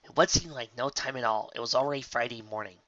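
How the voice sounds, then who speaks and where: A reader narrating a fan story aloud, lively storybook delivery. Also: medium pitch, fast, dry recording, muffled recording.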